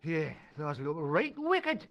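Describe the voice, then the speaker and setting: A cheeky, boozy Geordie football fan in a video game. His voice sits high and swings all over the place. He is loud, matey and slurring. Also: wildly swooping pitch, slow pace, heavily acted. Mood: boozy banter.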